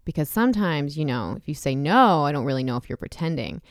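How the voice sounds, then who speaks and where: A woman's voice: low voice, expressive, fast, dry recording, clean studio sound. A woman in her thirties hosting a casual chat, talking candidly with frequent swearing and laughter. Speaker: podcast host.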